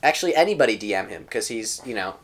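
A man co-hosting a podcast, teasing his friend with deadpan jokes in casual chat. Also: lowish voice, fast talker. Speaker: podcast co-host.

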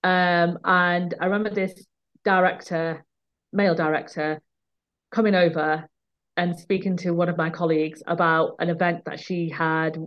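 A woman's voice: lowish voice, fairly even intonation, normal speed. A woman, a guest who runs her own company, telling candid stories of speaking up at work, acting out what people said. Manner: emphatic, recounting confrontations with quoted dialogue. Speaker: guest, business owner. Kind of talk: candid storytelling in conversation. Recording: dull lo-fi sound.

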